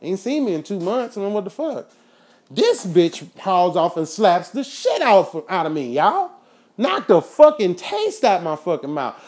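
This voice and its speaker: A man hosting his own show, ranting in a profane, preachy monologue that flares into shouting. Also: high voice, wildly swooping pitch, normal speed. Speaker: podcast host.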